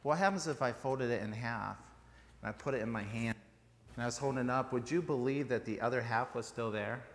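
A man's voice: medium pitch, a little fast. A man preaching an informal sermon in a church, chatty and joking, with fillers and restarts. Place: church sanctuary. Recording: reverberant church hall, faint background noise.

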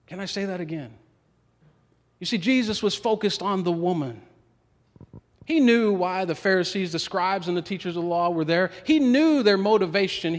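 A man preaching a sermon as a pastor, building with swells of emphasis and dramatic pauses. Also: on the high side. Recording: long reverb of a large hall.

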